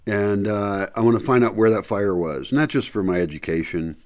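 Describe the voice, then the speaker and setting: Low-voiced man rambling in a vlog. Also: moderate pace, darkish tone. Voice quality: slightly muffled speech from a candy in his mouth. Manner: rambling, thinking aloud with many fillers. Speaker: vlogger. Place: house indoors before dawn.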